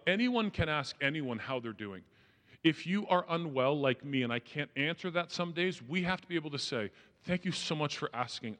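Man speaking in a reverberant hall. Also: mid-range voice. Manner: conversational, animated, acts out quotes. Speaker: speaker at a church. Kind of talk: talk on mental health and faith. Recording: long reverb of a large hall.

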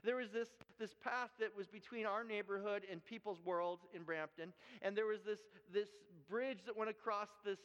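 A man's voice: high voice, fairly even intonation, normal speed, few pauses, fairly bright tone. A man from Canada preaching a sermon, telling a personal story in an earnest way and often repeating and restarting words. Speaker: pastor. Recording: echoey hall, dull lo-fi sound.

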